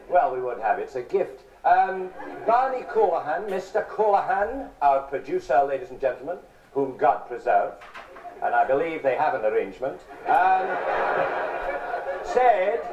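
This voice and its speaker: Music hall comic patter comes from a fairly high-pitched Englishman in his forties, wry and punning, with quick asides to the live audience of a large theatre. The recording is a dull, distant, roomy 1970s theatre broadcast with laughter from the crowd.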